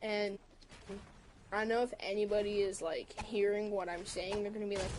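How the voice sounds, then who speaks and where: A woman on a livestream telling a story in a casual way, quickly quoting both sides of a text argument. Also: mid-range voice, steady tone, noisy background. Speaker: livestream host.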